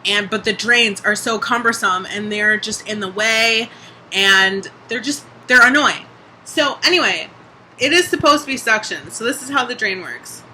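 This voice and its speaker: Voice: mid-range voice, lively intonation, moderate pace, sharp tone, slight background noise, low-quality recording. A young adult vlogger talking casually in a video diary, chatty, full of "like" and casual swearing.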